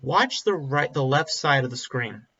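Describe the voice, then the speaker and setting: A man's voice: mid-range voice, lively intonation, a little slow, bright, forceful tone, husky. A man giving a casual spoken film review, blunt and rambling, with frequent ums and restarts. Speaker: movie reviewer. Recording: slightly dull lo-fi audio.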